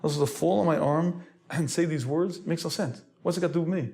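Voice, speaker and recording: A man, a rabbi, preaching a sermon in an earnest, lecturing way, often clearing his throat as he goes. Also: fairly high pitch, fast, darkish tone.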